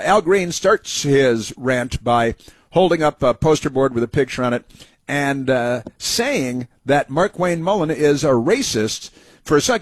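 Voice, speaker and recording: A man's voice: medium pitch, no echo. A male talk show host delivers scornful, sarcastic commentary between clips. His voice sits in an ordinary middle range and comes through a close, completely dry studio mic with no room sound at all. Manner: mocking, sarcastic running commentary. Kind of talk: political commentary over clips.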